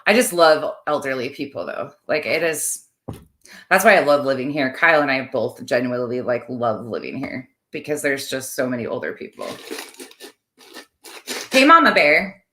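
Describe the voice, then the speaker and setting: A woman's voice: a bass voice, big pitch swings, moderate pace, pushed and bright. A woman in her thirties chatting casually on a livestream, rambling and talking to her viewers. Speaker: livestream host.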